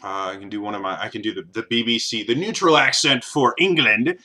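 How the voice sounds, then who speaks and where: A man's voice: lowish voice, fairly quick, pushed and bright. A man vlogging in a casual, rambling way, with many ums and uhs. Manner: rambling, many fillers and restarts. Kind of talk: casual vlog chat.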